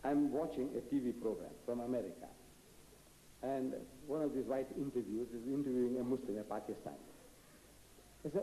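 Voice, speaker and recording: An older man from India, raised in South Africa, giving an animated, combative public lecture and answering audience questions with rhetorical questions. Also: medium pitch, brisk, long pauses, a little hiss or hum. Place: large auditorium. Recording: echoey hall.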